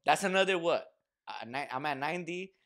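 A man's voice: fairly high pitch, brisk, a bit bright. A young man co-hosting a podcast, telling a rambling, slangy story full of swearing and fillers in casual chat. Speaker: podcast co-host.

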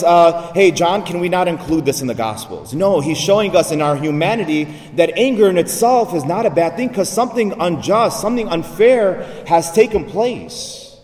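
A man's voice: on the high side, darkish tone. A man, a priest, giving a sermon in a conversational preaching style with frequent rhetorical asides, recorded in a church. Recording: echoey church hall, voice from far off.

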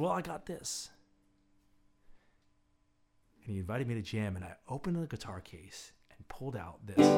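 A man hosting a show, telling a personal street-music story in a relaxed, reflective way. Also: medium pitch, creaky. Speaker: podcast host and street musician. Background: plucked guitar music.

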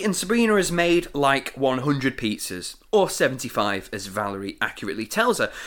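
Man, podcast host, casual chat, lively storyteller, bright tone, very expressive pitch. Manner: lively storytelling with frequent laughs. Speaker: podcast host recapping the episode.

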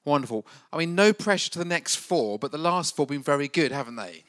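A man's voice: fairly high pitch, expressive, fast, fairly bright tone, no room sound, studio quality. A man hosting a church gathering, encouraging the congregation and bantering playfully. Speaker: church event host.

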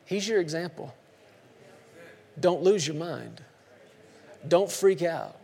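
A man with a high-pitched voice preaches a sermon in a church sanctuary, swinging from hushed lines to sudden shouts. His voice rings with the long reverb of a large hall. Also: lively intonation, takes it slowly, vocal fry, slightly rough. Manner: emphatic, dramatic swings between hushed and shouted. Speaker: pastor.

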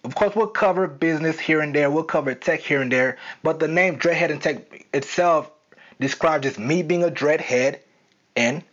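A man's voice: fairly high pitch, normal speed, a bit bright. A young man with a Southern accent hosting an unscripted solo podcast, talking casually with lots of fillers. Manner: casual, rambling, many fillers. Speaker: podcast host. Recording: dull lo-fi sound.

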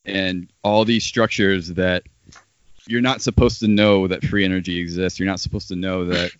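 A man's voice: deep voice, fairly even intonation, moderate pace, dry recording, highs cut off. A man talking as a guest in a casual podcast chat, earnest and agreeing, drawing out his phrases.

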